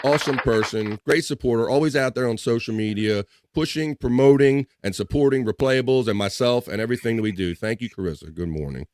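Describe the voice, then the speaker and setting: Male livestream host, middle pitch, dry close sound, loose and joking. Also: fairly quick, hardly any pauses, a little mellow, no echo. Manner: loose, joking, reads chat aloud. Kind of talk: casual live chat.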